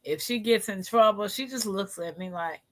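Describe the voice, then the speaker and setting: A woman's voice: medium pitch, moderate pace, fairly bright tone. A woman, hosting a casual chat and teasing her guest with frequent laughs. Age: 40s. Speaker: show host.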